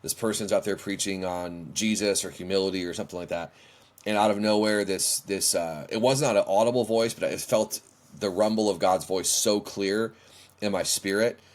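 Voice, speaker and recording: Lively storytelling man, low voice. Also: moderate pace. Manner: animated, acts out his own past dialogue. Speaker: worship leader, guest. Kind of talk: storytelling in a podcast interview.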